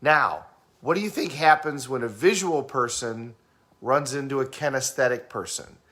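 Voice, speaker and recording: Guy explaining communication styles, casual, does quick and slow voices, asks you questions. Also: mid-range voice, pushed and bright. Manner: acts out fast and slow talkers while explaining. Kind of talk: casual teaching talk.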